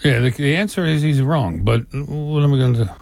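An older man co-hosts a radio talk show in loose, rambling chat that keeps restarting and wandering into asides. His voice sits in a middle pitch. The studio sound is dry and close. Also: fairly quick, vocal fry, darkish tone, dry recording. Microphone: studio microphone.

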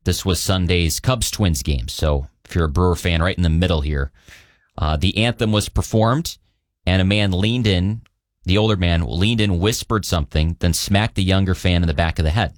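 A man's voice: low-pitched, moderate pace, no room sound, studio quality. A man co-hosting a talk show, retelling a news story in an earnest, conversational way. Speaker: radio show co-host. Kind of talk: casual news chat.

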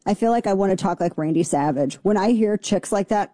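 A woman hosting a talk radio show, giving sarcastic, brash and animated commentary. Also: medium pitch, fairly quick, few pauses, dry recording.

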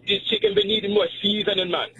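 A man's voice: high voice, huge pitch swings, quick pace, vocal fry, pushed and bright, muffled recording, a little hiss or hum, voice pushed up, exaggerated voice. A jolly Jamaican home cook with a breezy, chummy way of talking, put on by a man. His voice sits well above the performer's own and swings up and down. The cook sounds like he is hosting his own cooking show. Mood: jovial.

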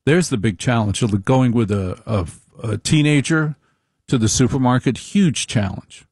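A middle-aged man delivering a slow, deliberate, wry opinion monologue with repeated phrases. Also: mid-range voice, a little mellow, no room sound, clean studio sound.

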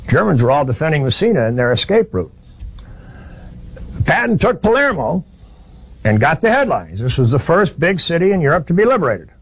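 A man's voice: fairly high pitch, big pitch swings, a little fast, pauses often, slightly rough. A man giving a history lecture, telling it as a plain-spoken, folksy story with frequent restarts.

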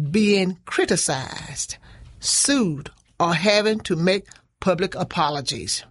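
A woman giving a motivational radio talk, preaching and repeating lines for emphasis. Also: medium pitch. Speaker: community program leader.

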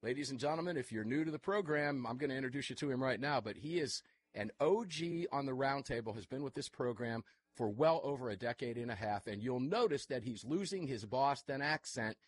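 A man at a studio mic hosting a live radio talk show, his voice husky and slightly breathy. He talks energetically at middle pitch, tossing in quick, chatty asides to guests and listeners. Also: expressive. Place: studio full of electronic equipment. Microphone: studio microphone.

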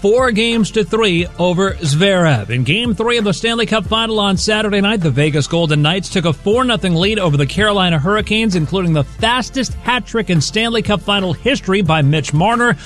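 Male radio news anchor, brisk and newsy, high pitch, light music bed. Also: expressive, a bit bright. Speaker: sports news update anchor. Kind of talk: radio sports news update.

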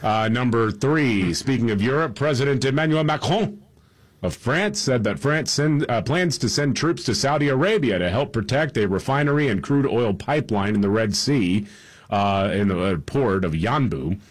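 A man on a talk radio show, working down a countdown of news stories. His husky, mid-pitched voice stays easygoing and he chuckles between the items. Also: moderate pace. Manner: relaxed, chuckling. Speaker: radio talk show co-host reading headlines. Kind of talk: casual radio news rundown.

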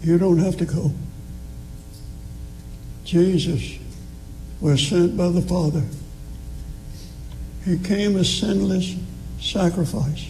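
Slow, gravelly preacher man. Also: sits high, fairly even intonation, darkish tone, slight background noise, low-quality recording. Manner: slow, emphatic preaching with rising appeals. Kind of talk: sermon.

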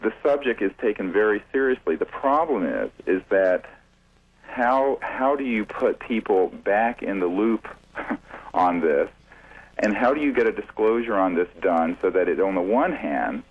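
Deep-voiced male researcher, husky, halting and deliberate, heard over a tinny phone line. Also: expressive. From United States. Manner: deliberate, halting with many fillers and restarts. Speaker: UFO researcher guest. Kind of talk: radio interview.

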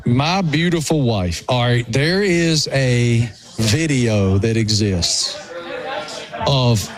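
A man with a rural Appalachian accent, chatting as a sports radio co-host in an animated, self-mocking way. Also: medium pitch, slow, crowd noise. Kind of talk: casual chat.

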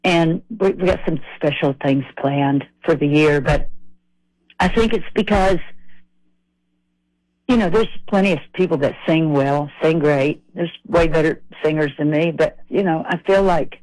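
A middle-aged woman from Tennessee, a country singer telling rambling, animated anecdotes as a guest. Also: low-pitched, a little slow, dry recording, low-quality recording. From Nashville, Tennessee. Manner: chatty, rambling, animated retelling.

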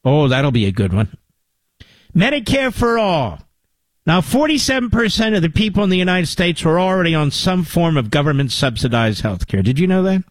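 A man's voice: a little high, very animated, normal speed, no echo. An older man hosting a talk radio show, with a combative, sarcastic monologue and mocking asides to his producer.

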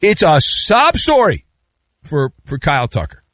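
A male podcast host giving a sarcastic, mocking comedic sports rant with sudden jumps in pitch. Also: wildly swooping pitch, a little slow, a bit bright, no echo, studio quality.

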